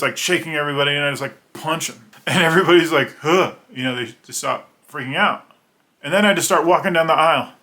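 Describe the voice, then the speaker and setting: A man's voice: a little high, pushed and bright. A man in his thirties, a children's book illustrator, telling a rambling personal story to camera in a conversational way and acting out the voices in his anecdotes. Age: 30s.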